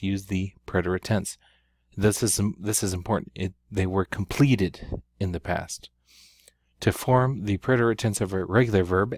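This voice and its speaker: A man teaching a recorded grammar lesson, explaining patiently and stressing key syllables loudly. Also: sits low, no room sound, studio quality.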